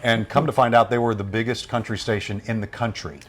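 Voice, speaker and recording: A man's voice: fairly low pitch, steady tone, brisk, a little hiss or hum. A middle-aged man from Louisiana, a radio voice-over artist, telling stories casually in an interview with frequent restarts. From Louisiana, USA. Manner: chatty, rambling with frequent restarts.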